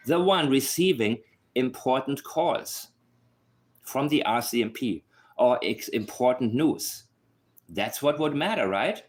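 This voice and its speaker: A man with a non-native accent picking apart a case in a casual talk to camera. He is sarcastic and emphatic, circling back to hammer the same points. His pitch sits in an ordinary middle range. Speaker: true-crime commentator.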